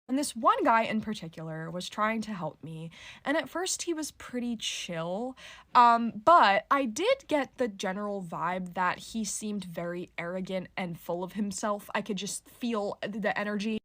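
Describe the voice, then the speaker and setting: A woman's voice: medium pitch, fairly bright tone, no echo. Exasperated young woman venting a story. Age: 20s. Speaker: college student storyteller. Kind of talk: casual storytime monologue.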